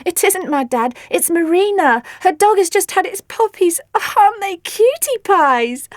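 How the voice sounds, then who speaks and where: A woman's voice: extremely high pitch, very animated, unhurried, darkish tone, dry recording, clean studio sound, pitched above the performer's own voice, full character voice. A woman voicing a cheerful young girl who coos and gushes in baby talk. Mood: gushing. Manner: cooing, gushing baby talk. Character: cheerful young girl monster-sitter, gushing.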